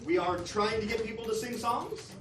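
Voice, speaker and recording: A man hosting an evening at a music venue, giving relaxed announcements to the audience. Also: very high voice, normal speed. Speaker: event host announcing. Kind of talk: announcements at a live event. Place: live music cafe venue. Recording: echoey room, distant mic, crowd noise. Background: crowd chatter.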